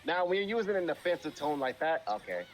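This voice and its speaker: A man's voice: a little high, sing-song, fast talker, a little hiss or hum. A man in casual chat on a live stream, talking bluntly and emphatically with plenty of swearing.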